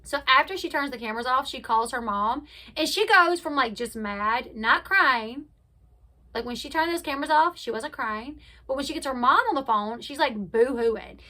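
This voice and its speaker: Bright, high-voiced woman recapping gossip. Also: moderate pace. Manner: chatty, opinionated, retells scenes by acting out quotes. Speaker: reality TV commentary host. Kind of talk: casual recap commentary.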